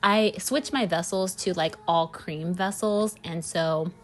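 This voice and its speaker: A woman's voice: on the low side, takes it slowly. A woman who makes candles, chatting casually in a storytelling vlog and rambling with lots of "like" and "you know.". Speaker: candle maker and small business owner.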